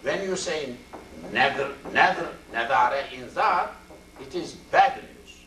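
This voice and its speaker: An older man teaching a Quran and Arabic class, speaking slowly and repeating Arabic word forms as he explains them. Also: medium pitch, expressive, sharp tone, a little hiss or hum. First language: Turkish. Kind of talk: classroom tafsir lecture. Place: mosque classroom. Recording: roomy, distant amateur video recording.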